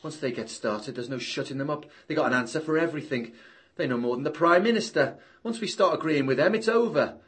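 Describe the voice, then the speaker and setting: A man's voice: on the high side, animated, quick pace, a bit bright. A man playing a cynical, hostile official who is curt and dismissive. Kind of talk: stage or radio drama acting.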